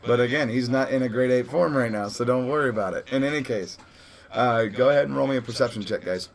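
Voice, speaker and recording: A man's voice: medium pitch, quick pace, gravelly. A man running a tabletop role-playing session as game master, casual and laughing, often correcting himself.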